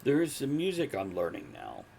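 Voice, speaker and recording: A man in his forties hosting a casual podcast chat from home, relaxed and talkative, cracking jokes as he goes. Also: mid-range voice, moderate pace, gravelly, slight background noise. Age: 40s. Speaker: podcast host.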